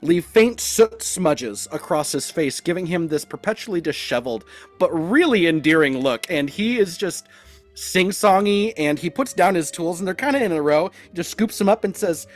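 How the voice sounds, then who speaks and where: A man narrating as game master of a tabletop game in an animated, rambling way. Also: sits high, moderate pace, faint music behind.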